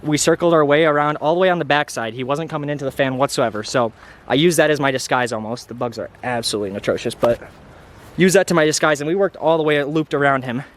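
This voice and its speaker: A young man from Iowa vlogging about a hunt outdoors, excited and rambling, out of breath, with camera audio. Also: on the high side, fast. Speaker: hunting vlogger. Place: outdoors in a field.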